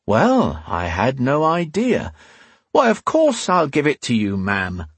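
A man's voice: medium pitch, sing-song, moderate pace, slightly rough, dry recording, pitched above the performer's own voice. A man playing a smug, cocky young nobleman messenger in a fantasy audiobook, teasing and mock-polite.

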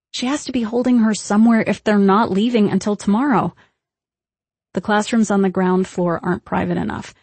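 Husky woman reading a tense audiobook. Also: mid-range voice, darkish tone, dry recording. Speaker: audiobook narrator. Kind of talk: first-person audiobook narration.

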